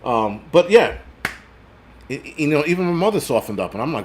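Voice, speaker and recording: Hosting a loose livestream, this man in his forties swears freely and rambles as he answers viewer comments, his voice sitting fairly high, slightly above the usual male range. He's very animated at a moderate pace, blunt and unpolished throughout, with slight background noise behind him.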